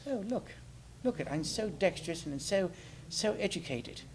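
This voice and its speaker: A man voices a vain, posh male puppet in a prim mood, using a put-on British accent pitched above his own natural voice. The delivery is high, animated and at a normal speed, with a little hiss or hum in the recording.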